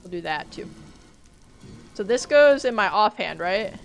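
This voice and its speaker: A woman's voice: medium pitch, lively intonation, a little slow, vocal fry. A woman streaming a game live, talking to her chat, jumpy and swearing as she plays. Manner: jumpy, swears, talks to chat while playing.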